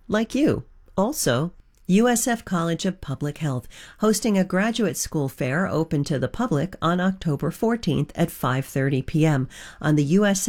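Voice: medium pitch, darkish tone. A station announcer making a formal, scripted sponsor read.

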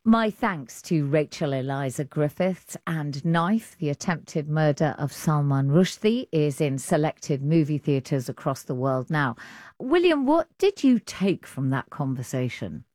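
A woman with an English accent presenting a radio arts show, reading clear scripted links and chatting with a colleague. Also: sits low, expressive, a little slow, a little mellow, dry recording, clean studio sound. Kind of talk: broadcast presenting.

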